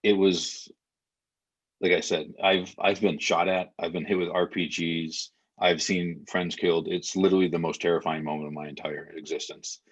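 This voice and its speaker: A man's voice: low voice, little pitch movement, normal speed, slightly rough. A man in his thirties, a podcast guest, telling an emotional story with lots of fillers. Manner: vivid retelling with many fillers.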